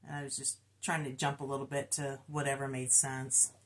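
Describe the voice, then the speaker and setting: Low-voiced chatty woman stitcher. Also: flat delivery, moderate pace. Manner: chatty, reports stitch counts, self-deprecating. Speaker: co-host of a cross-stitch channel. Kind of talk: casual chat.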